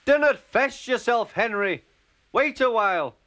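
A man voicing a hearty male twin engine with a Scottish accent, brisk and reassuring. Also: very high voice, expressive, bright, forceful tone, voice pushed up, heavily acted. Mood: cheery.

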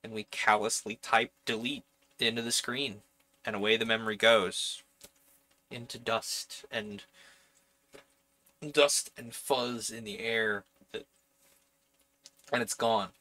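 A man's voice: fairly low pitch, little pitch movement, slow pace, long pauses, sharp tone. A man narrating a solo tabletop role-playing game in a meandering, reflective way, speaking as "we" for his character. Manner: meandering, musing, first-person plural narration.

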